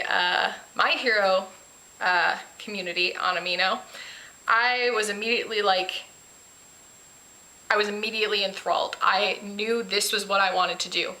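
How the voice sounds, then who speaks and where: A woman chats in a rambling, candid vlog, poking fun at herself as she goes. Her voice is bright and clear on top. The room echoes around her and the audio is poor. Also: mid-range voice. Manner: candid, self-deprecating, rambling. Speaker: vlogger. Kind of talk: casual personal vlog.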